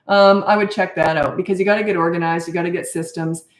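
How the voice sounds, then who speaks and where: An older woman who works as a parenting coach answers viewer questions quickly, her voice fairly low and steady. Her advice is casual, chatty, and emphatic, and she tends to drift into anecdotes. The room gives off a roomy echo.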